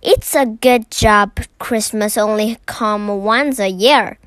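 A woman reading aloud, voicing a gentle, caring mother who speaks in a soothing, worried tone. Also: medium pitch, slow pace, no room sound.

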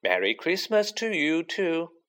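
Man putting on a bossy schoolgirl witch, storybook reading, raised pitch, eager, precise, lively. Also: measured pace. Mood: brisk. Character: bright clever schoolgirl witch, brisk and bossy.

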